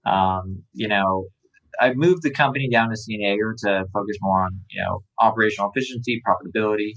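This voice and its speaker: Low-voiced man chatting with lots of fillers. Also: fairly quick, lo-fi sound. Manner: relaxed, filler-heavy, lots of "um" and "like". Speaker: startup founder and writer. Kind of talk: casual interview conversation.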